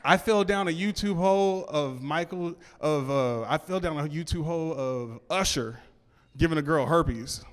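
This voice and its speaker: On a club stage, a male comedian with a fairly high voice talks at normal speed through his stand-up set. It's loose talk, with stumbling restarts and remarks aimed at the audience.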